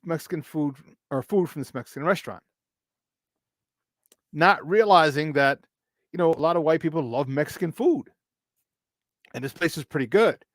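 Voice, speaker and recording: A man's voice: on the high side, no echo, clean studio sound. A man hosting a morning sports talk show, chatting casually and laughing often as he tells stories. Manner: animated storytelling, frequent laughter. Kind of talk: casual radio chat.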